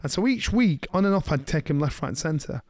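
Middle-aged man, podcast co-host, fairly high voice on a dry close mic, animated storyteller who does the voices. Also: brisk, no echo. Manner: animated storyteller, slips into voices of people he quotes. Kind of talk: casual storytelling chat.

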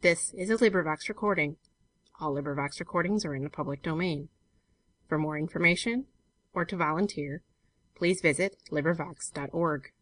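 A woman narrating a classic short story as a volunteer audiobook reader in a measured, even manner. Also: deep voice. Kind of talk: scripted narration.

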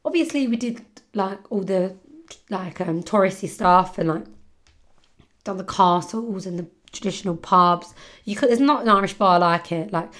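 A woman's voice: mid-range voice, normal speed, a bit bright. A young woman hosting a podcast, chatty and giggly, telling a story with casual swearing. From London, England. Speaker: podcast host.

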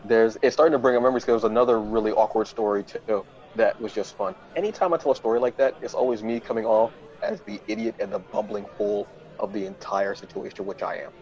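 A man's voice: quick pace, hardly any pauses, some chatter behind. Self-mocking man telling stories, lo-fi. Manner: animated, self-mocking, jumps into high-pitched voices when quoting himself. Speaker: podcast host. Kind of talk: casual storytelling.

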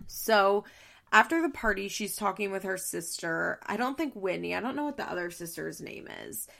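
A woman's voice: medium pitch, normal speed, vocal fry, fairly bright tone. A woman chatting casually as she recaps a reality show. She swears freely, laughs often and says "like" a lot.

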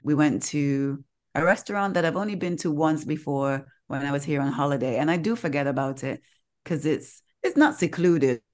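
A woman co-hosting a podcast, telling a personal story in a casual, animated way and acting out the voices of the people in it. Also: low-pitched, moderate pace. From Caribbean. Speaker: podcast co-host. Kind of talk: casual chat.

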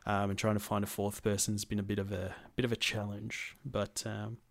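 Relaxed man, dry close mic. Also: lowish voice, brisk, vocal fry, no echo. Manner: relaxed, swears freely, many ums. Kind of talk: casual gaming chat.

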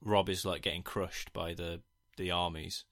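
A man's voice: deep voice, flat delivery, moderate pace, fairly bright tone, dry recording, clean studio sound. A man co-hosting a casual film review chat, rambling with jokey asides and casual swearing. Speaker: podcast co-host.

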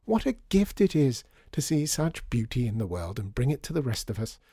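A man's voice: mid-range voice, sing-song, moderate pace, dark tone, breathy edge, no echo, studio quality. A man reading a story, voicing an affected society lady in a fur coat who gushes. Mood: gushing. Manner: gushing, affected.

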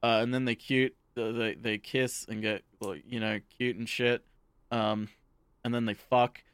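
A man's voice: medium pitch, flat delivery, a little slow, a bit bright, clean tone, no room sound. Young man, podcast co-host, casual rambling recap, profane, fillers, dry close sound.

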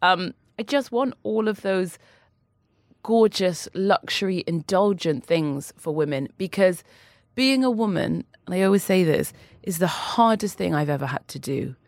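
A woman's voice: lowish voice, expressive, a little slow, no room sound, clean studio sound. A woman, an author guest on a podcast, speaking openly and emotionally, laughing between heavy admissions. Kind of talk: candid podcast conversation.

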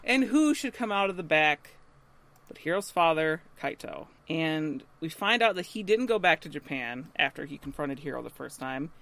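A woman with a bright, forceful voice recaps a TV episode on a podcast. She talks casually and acts out each character's lines in little voices, breaking into laughs along the way. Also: low-pitched, normal speed. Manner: animated retelling with acted-out quotes and frequent laughs. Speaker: podcast co-host.

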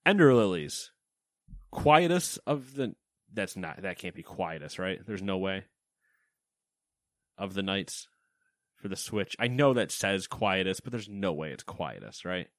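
The deep-voiced man co-hosting this casual gaming news podcast keeps a measured pace while joking around and reading game lists with playful emphasis, all in a lively manner. It's studio quality with no room sound.

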